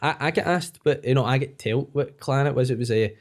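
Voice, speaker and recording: A young Glaswegian man, a comedian guest, telling lively anecdotes in casual chat. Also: mid-range voice, brisk. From Scotland. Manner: animated anecdotes, says aye a lot.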